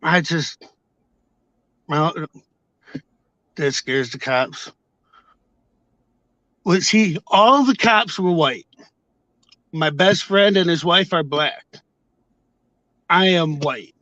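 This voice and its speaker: A man casually telling a story to his viewers on camera, heated and profane, acting out shouted exchanges. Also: fairly high pitch, animated, extremely slow, pauses often, no echo, highs cut off. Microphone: camera mic.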